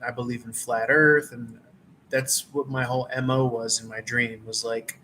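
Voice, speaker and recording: Laid-back, monotone man rambling by a campfire. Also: mid-range voice, moderate pace, slight background noise, rough recording. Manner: laid-back, meandering, many fillers. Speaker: tarot reader. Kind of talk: casual rambling chat. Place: outdoors around a campfire.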